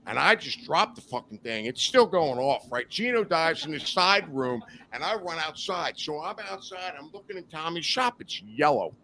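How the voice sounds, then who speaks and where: A man tells a rowdy story as a podcast guest, swearing freely and laughing as he goes. His voice swings up and down with lively energy, and his tone is bright and forceful. A faint hum of noise sits behind him. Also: on the high side, normal speed, few pauses. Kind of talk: casual storytelling. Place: studio.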